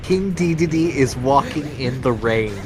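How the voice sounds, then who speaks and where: A man's voice: medium pitch, expressive, measured pace, background noise. A man playfully reading a comedic fan fiction aloud, breaking into character voices.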